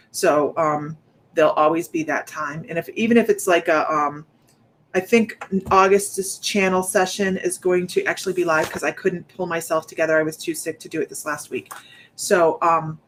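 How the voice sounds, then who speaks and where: A woman's voice: lowish voice, moderate pace, fairly bright tone, slight background noise. A woman hosting a psychic livestream, a little out of breath and talking in a loose, rambling way. She keeps up a chatty flow aimed straight at her viewers. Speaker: psychic medium host. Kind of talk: casual livestream chat.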